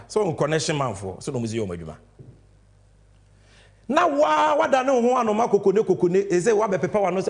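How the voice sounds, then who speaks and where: Animated, high-pitched Ghanaian man commentating. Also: fast talker. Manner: animated, emphatic, switching between Twi and English. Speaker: political talk show host. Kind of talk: heated political commentary. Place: TV studio.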